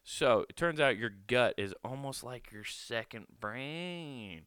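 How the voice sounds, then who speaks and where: A man's voice: medium pitch, lively intonation, slow, fairly bright tone, clean tone, no room sound, clean studio sound. A man hosting a podcast, riffing sarcastically with jokes, swearing and laughing at his own bits. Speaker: podcast host. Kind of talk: comedic podcast commentary.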